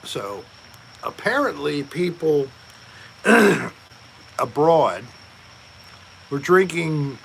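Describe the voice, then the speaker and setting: Male host, gravelly, unhurried, jokey livestream chat, faint background hiss. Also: fairly high pitch, big pitch swings, a bit bright. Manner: slow, joking, reads chat aloud. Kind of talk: casual live-stream chat.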